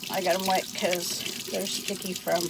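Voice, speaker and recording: A woman's voice: lowish voice, flat delivery, normal speed, gravelly, heavy background noise. A woman vlogging outdoors about her backyard chickens, chatting in a rambling way while doing chores and getting out of breath. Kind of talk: casual vlog.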